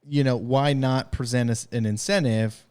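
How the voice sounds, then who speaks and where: A man's voice: medium pitch, fairly even intonation, moderate pace, darkish tone, clear, resonant tone. A man co-hosting a podcast in casual chat, mostly agreeing but playing devil's advocate. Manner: brief agreeing replies, plays devil's advocate. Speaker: podcast co-host.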